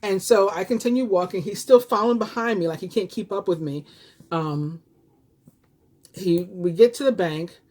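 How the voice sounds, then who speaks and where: A woman's voice: medium pitch, normal speed, a little mellow. A woman in her fifties from New York with a New York accent, a tarot reader telling a personal story to her viewers in a chatty, rambling way full of fillers and restarts. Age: 50s.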